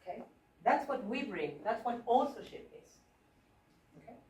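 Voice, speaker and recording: A woman drama teacher runs a workshop with a fairly high voice, prodding the room with questions. She is picked up from a distance, and the hall echoes around her. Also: moderate pace, a crowd in the background. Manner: animated, coaxing, asks the group questions. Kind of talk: interactive teaching. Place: school hall. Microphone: room mic at a distance.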